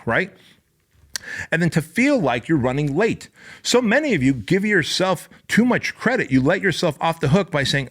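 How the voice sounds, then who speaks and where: A middle-aged man hosting his own show, giving an intense, profane motivational monologue that builds to loud peaks. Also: mid-range voice. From Armenia. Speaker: podcast host.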